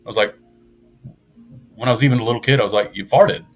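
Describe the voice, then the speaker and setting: A man's voice: mid-range voice, fairly even intonation, quick pace, soft background music. A man chatting casually on a live stream in a rambling, sarcastic and self-mocking way.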